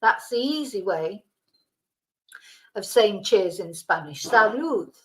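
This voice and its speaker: A woman's voice: medium pitch, lively intonation, slow pace, a little hiss or hum, poor audio. A woman hosting a casual live stream, chatting with viewers and soothing her dog. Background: faint fireworks.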